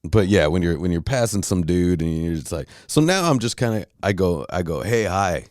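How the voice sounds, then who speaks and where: A man's voice: low-pitched, lively intonation, fairly quick, darkish tone, no room sound, studio quality. A man hosting a podcast, telling a heated story in a blunt, profane casual rant. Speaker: podcast host.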